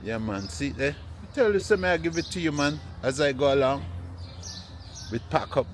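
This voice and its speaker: A man, vlogging casually while walking through an open-air plant nursery with a handheld phone, relaxed and repeating "yeah, man" often. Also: on the high side, normal speed, slight background noise. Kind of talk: casual walking vlog to camera.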